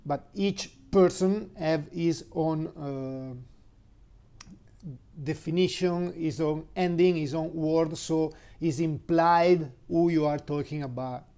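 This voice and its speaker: An Italian teacher, a native Italian speaker with an Italian accent, gives an informal language lesson, halting with many fillers and spelling words out letter by letter. His voice is fairly high, fairly even in intonation, and dark yet clean in tone.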